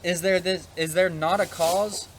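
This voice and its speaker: A bold young shepherd boy , as a male storyteller puts him on, pressing the same question again and again. the voice is raised and lifted above the speaker's usual pitch, urgent and sincere. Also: fairly even intonation, measured pace, a little hiss or hum, poor audio. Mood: pleading. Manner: pleading, insistent.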